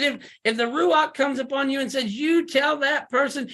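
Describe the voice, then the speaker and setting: A man preaching a fiery, emphatic sermon over a video call, full of rhetorical questions and sudden loud bursts. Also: very high-pitched, normal speed.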